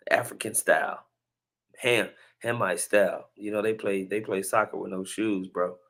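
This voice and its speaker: A man's voice: on the low side, fairly even intonation, measured pace, fairly bright tone. A man hosting a casual religious commentary, chatty and preachy, with chuckling asides between clips.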